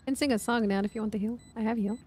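A woman's voice: fairly high pitch, steady tone, very fast, a little mellow, a little hiss or hum. A woman chatting and making callouts with teammates over voice chat during a game. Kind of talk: casual gaming chat.

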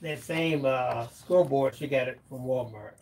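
Relaxed man reading out live chat. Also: mid-range voice, moderate pace. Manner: relaxed, reads out chat comments and teases. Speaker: co-host reading viewer comments. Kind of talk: casual live-stream banter.

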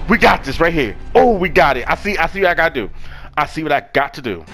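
A man, hosting a gaming channel and yelling, cursing and cheering through live gameplay commentary. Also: a little high, big pitch swings, fast talker, creaky, soft background music. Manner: loud, cursing, shouting at the game.

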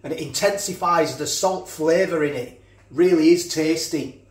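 A man's voice: a little high, moderate pace, reverberant. A man chatting casually as he cooks and tastes food in a home kitchen. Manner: chatty, talks while chewing, frequent restarts. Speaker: food reviewer. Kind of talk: casual food review vlog.

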